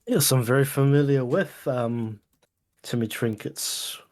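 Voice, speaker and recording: A man playing a character in a tabletop game, wry and measured, with loose fillers. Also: medium pitch, darkish tone. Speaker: player.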